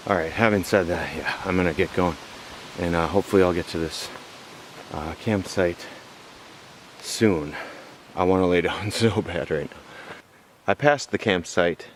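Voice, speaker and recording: A worn-out man with a lowish voice recounts his day to a camera held at arm's length in the woods. He swears freely and acts out the people he met. A faint outdoor hiss sits behind him. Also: a little slow, long pauses. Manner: swears freely, animated retelling with put-on quotes. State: exhausted. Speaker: solo backpacker vlogging on the trail. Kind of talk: casual vlog storytelling. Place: outdoors on a forest trail. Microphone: handheld camera at arm's length.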